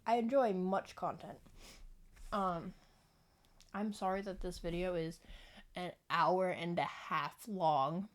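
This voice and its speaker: A woman's voice: on the low side, steady tone, slow pace, pauses often. A young woman vlogging to camera at home into a microphone, rambling casually, giggling and often apologizing. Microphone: external microphone.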